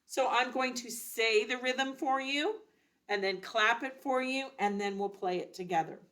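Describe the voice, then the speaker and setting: A woman's voice: a little high, unhurried, fairly bright tone. A woman teaching a children's recorder lesson, patiently explaining and chanting rhythms aloud. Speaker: music teacher.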